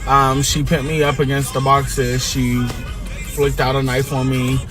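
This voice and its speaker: A man's voice: medium pitch, level tone, a little slow, music in the background. A man recounting a frightening workplace story in a hesitant, casual story-time way, full of fillers. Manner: hesitant, filler-heavy retelling.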